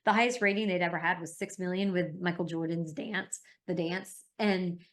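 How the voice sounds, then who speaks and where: A middle-aged woman talking as a guest in an interview, telling stories in an emphatic, animated way. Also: lowish voice, moderate pace. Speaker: interview guest, parent advocate. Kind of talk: conversational interview.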